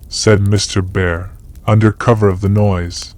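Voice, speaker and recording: A man narrating a classic novel as an audiobook in a measured storytelling manner. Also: on the low side, level tone, darkish tone.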